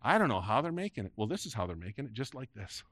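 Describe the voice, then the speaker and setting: A male pastor preaching to a congregation in a church, his voice climbing on emphatic lines and sinking at the ends of phrases. His voice sits at an ordinary middle pitch. The sound is dry and close to the microphone. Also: very animated, fast, fairly bright tone, no room sound. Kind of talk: sermon. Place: church sanctuary before a congregation.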